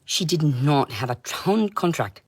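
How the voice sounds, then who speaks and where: Very low-voiced woman ranting on a stream. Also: animated, measured pace, slightly rough, no room sound. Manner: intense, profane, swings between shouting and muttering. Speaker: livestreamer. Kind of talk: rambling livestream monologue.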